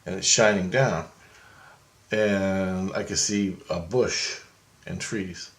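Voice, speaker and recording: A man telling a story in casual, rambling style, growing excited and swearing freely. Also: deep voice, slow. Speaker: vlogger.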